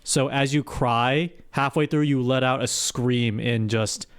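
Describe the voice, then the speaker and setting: A man streaming live, giving halting, hesitant instructions full of fillers. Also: medium pitch, steady tone, smooth. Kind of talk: casual live-stream chat.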